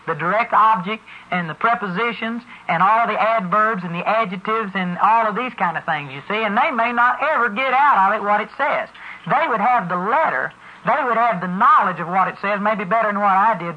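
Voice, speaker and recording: A man's voice: high voice, bright, forceful tone. A man preaching a sermon in a folksy, storytelling way. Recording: muffled lo-fi recording.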